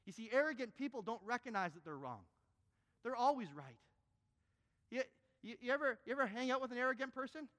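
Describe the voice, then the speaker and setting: A man preaching a sermon, swinging between quiet asides and loud, emphatic passages. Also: very high-pitched, animated, fairly quick, long pauses. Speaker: pastor. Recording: long hall reverb.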